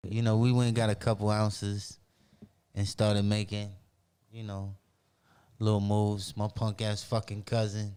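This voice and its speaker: A man from Roxbury, telling animated, profane stories as a podcast guest in casual talk. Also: fairly low pitch, a little slow, clear, resonant tone. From Roxbury, Boston. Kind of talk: casual storytelling.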